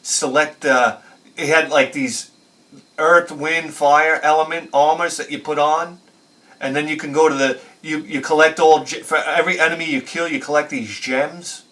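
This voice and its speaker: Bright-voiced, fired-up storytelling man. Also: a little high, moderate pace, distant mic. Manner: animated, profane, laughs at his own stories. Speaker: retro game channel host. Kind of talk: rambling storytelling review.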